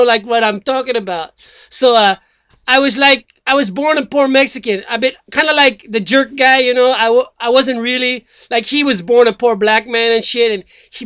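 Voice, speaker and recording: With an extremely high, pushed, bright voice and clean, echo-free sound, a man plays a slacker proclaiming himself a presidential candidate. His comedic monologue meanders loosely, heavy on fillers and profanity, and he repeatedly loses the thread.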